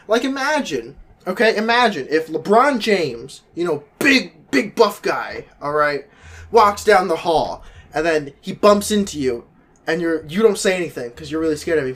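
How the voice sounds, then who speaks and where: A young man talking casually to camera, animated and jokey, with quick shifts in pitch. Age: young adult. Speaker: vlogger.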